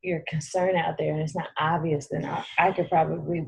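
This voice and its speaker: A woman co-hosting a podcast in casual chat, playful and quick to giggle. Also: low-pitched, little pitch movement, gravelly, a little mellow, breathy edge, poor audio. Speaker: podcast co-host.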